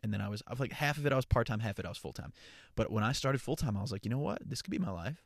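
A young man talks into the mic from a parked car, riffing in a loose, unscripted podcast chat. He's hyped and swears freely, doubling back on his words as he goes. His pitch sits in a middling range, and the sound is close and dry with no room echo. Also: very fast, gravelly. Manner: energetic, profane, rambling with frequent restarts. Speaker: podcast host and content creator. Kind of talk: casual solo podcast chat.

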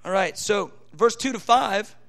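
A man preaching a sermon, teaching from scripture with fervent emphasis, rushing asides and slowing down to stress key phrases. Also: high-pitched, expressive, vocal fry, fairly bright tone.

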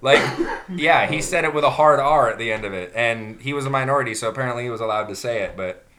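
A man telling a rambling, profane work story in casual podcast chat. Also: mid-range voice. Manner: animated, profane, fast-building rant.

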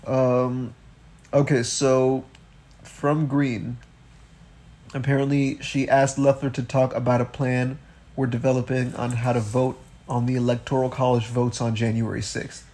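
A man co-hosting a casual podcast, riled up and profane as he rants through the news. He piles on rhetorical questions and talks at a middle pitch. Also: flat delivery, a little slow, a little mellow. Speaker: podcast co-host. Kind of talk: casual political podcast chat.

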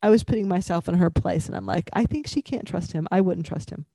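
A woman's voice: lowish voice, quick pace, vocal fry, warm tone, no room sound. A married woman co-hosting a casual chat, thoughtfully agreeing and adding her own views on the episode. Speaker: podcast co-host.

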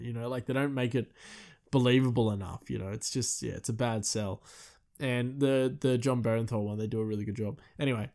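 A man's voice: medium pitch, steady tone, brisk, darkish tone. Man, casual podcast host, rambling chatty delivery with lots of fillers. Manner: loose and chatty, full of "you know" and "like", laughs often.

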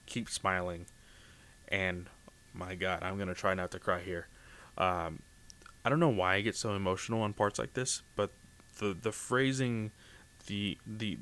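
Deep-voiced, smooth man recapping manga. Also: a bit bright. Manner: earnest and heartfelt, heavy use of fillers. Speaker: podcast host recapping manga chapters. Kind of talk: casual recap commentary.

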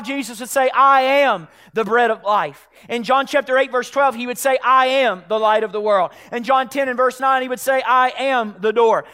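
High-voiced man preaching a sermon. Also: clear, resonant tone. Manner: swings from hushed lows to shouted climaxes. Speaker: pastor. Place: church sanctuary.

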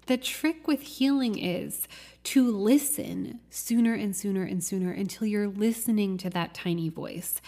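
A woman's voice: mid-range voice, a little mellow. Earnest woman musing on a podcast. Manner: earnest, musing, drawn-out phrasing with frequent fillers. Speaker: podcast host. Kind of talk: reflective spiritual monologue.

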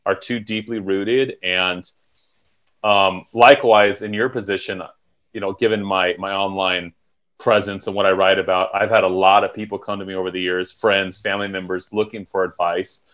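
A man's voice: low-pitched, level tone, moderate pace. A man talking candidly and reflectively in a podcast conversation, swearing casually. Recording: dull lo-fi recording.

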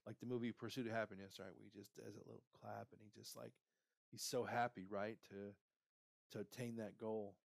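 Man, low voice, motivational podcast host, coaching tone, keeps asking "right?", dry close sound. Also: little pitch movement, brisk, vocal fry, dry recording. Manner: pep-talk, repeats "right?" and "okay?", guides listener.

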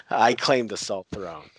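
A man's voice: fairly low pitch, sharp tone, slightly rough, dry recording, full character voice. A man voicing a brash, mocking older pirate uncle while retelling a TV scene. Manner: taunting, crude, unhurried.

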